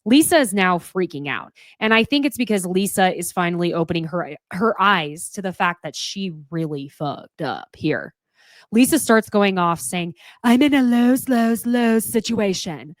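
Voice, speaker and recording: A woman giving a casual, opinionated recap of a reality show, candid and quick to swear. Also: fairly low pitch, animated, a bit bright, dry recording.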